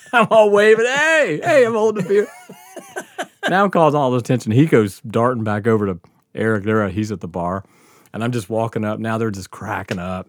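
A man with a lowish voice tells a rowdy story on his podcast, animated, laughing often and swearing freely. It's casual storytelling, recorded with no room sound.

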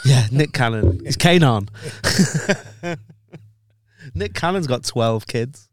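A man's voice: mid-range voice, animated, takes it slowly. A man hosting a casual podcast, bantering in a laid-back, slangy way. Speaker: podcast host.

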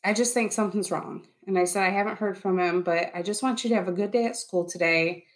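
A woman's voice: mid-range voice, fairly even intonation, quick pace. A woman in her thirties giving an earnest personal testimony in an interview, reliving events and quoting her own thoughts. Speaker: interviewee, bereaved military spouse.

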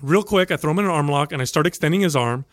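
A man telling a story in casual chat, animated and profane, acting out the voices of the people in it. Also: fairly high pitch, racing, no echo, clean studio sound.

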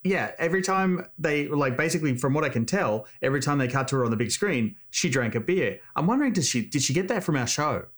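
Male co-host, slightly high voice, halting casual storytelling. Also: animated. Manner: halting, filler-laden storytelling. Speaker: podcast co-host. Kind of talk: casual chat.

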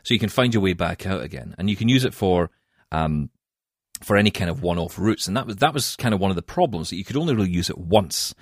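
A man with a Scottish accent, chatting on a podcast in a self-mocking, animated way. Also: low voice, quick pace, no echo, clean studio sound. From Scotland. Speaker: podcast co-host. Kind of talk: casual chat.

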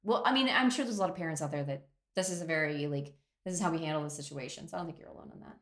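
A woman's voice: low-pitched, rapid-fire, fairly bright tone. A woman co-hosting a podcast, reacting in casual chat with playful teasing. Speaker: podcast co-host. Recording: roomy echo.

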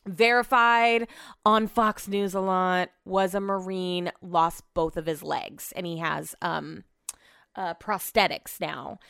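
Woman, casual storytelling, chatty, blunt, smooth clear voice, dry close sound. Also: mid-range voice, a bit bright, dry recording. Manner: chatty, retells conversations with lots of "I was like".

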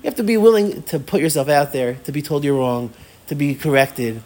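A man's voice: a little high, brisk, a little mellow. A man teaching a Torah class as a rabbi, with playful, self-mocking humor and words he often repeats as he thinks aloud. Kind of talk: animated Torah lecture.

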